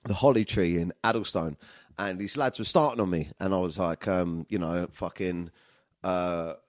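Low-voiced swearing man telling stories. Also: moderate pace, dry recording, clean studio sound. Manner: swears a lot, laughs while telling stories. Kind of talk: casual storytelling chat.

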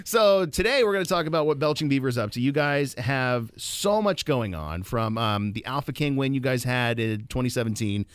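Joking male radio host, lively pitch. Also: normal speed, few pauses, clear, resonant tone, no room sound. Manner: joking, laughs often. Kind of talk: casual on-air banter. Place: radio studio. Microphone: studio microphone.

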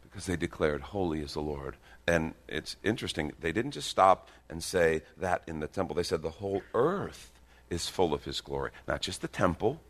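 A man with a fairly low voice preaches with big swings in pitch and volume. He drops to a hush, then rises to loud, emphatic declarations, with joking asides now and then. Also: big pitch swings, normal speed. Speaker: pastor. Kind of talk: sermon.

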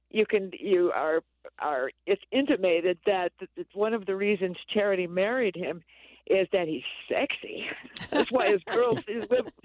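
A man's voice: sits high, no room sound, narrow, tinny audio. A man discussing a novel on the radio, reading passages aloud with enthusiasm and chuckling.

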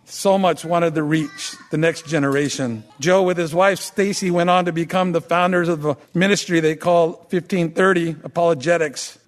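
A pastor giving a funeral eulogy, telling stories in an animated, chatty way full of "you know". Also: male voice, a little high.

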